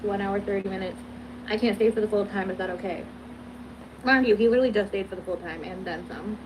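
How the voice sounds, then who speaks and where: A woman's voice: mid-range voice, quick pace. A young woman recounting a text exchange in casual, exasperated storytelling. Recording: noisy background in the clip.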